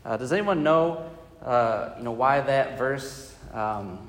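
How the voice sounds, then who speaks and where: A man's voice: medium pitch, animated, slow, a bit bright. A man teaching a Bible study class, talking conversationally with many fillers and putting questions to the group. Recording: reverberant hall.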